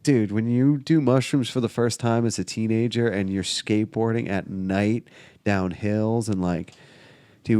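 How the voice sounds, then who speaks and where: A young man in his twenties rambles through his stories in a relaxed, slangy way. His voice sits a little low. The sound is dry and close, with no room around it. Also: dry recording. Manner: laid-back slangy storyteller, heavy swearing and fillers. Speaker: podcast guest. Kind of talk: casual storytelling.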